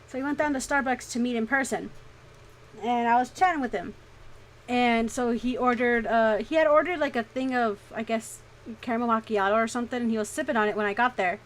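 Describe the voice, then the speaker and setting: Casting: young woman, fairly high voice, animated casual storyteller, curses freely. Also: fairly quick, low-quality recording. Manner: animated, swears freely, laughs often. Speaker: streamer.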